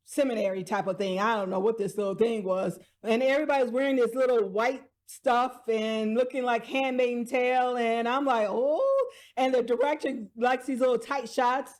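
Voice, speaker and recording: A woman's voice: fairly high pitch, darkish tone. A woman vlogger casually recapping TV dramas, chatty, laughing often and restarting her sentences.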